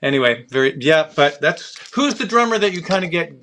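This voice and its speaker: Bright-voiced Canadian host, casual chat. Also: male voice, a little high, sing-song, a little fast, a little hiss or hum. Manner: loose anecdotes told in fragments. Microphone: video call livestream mic.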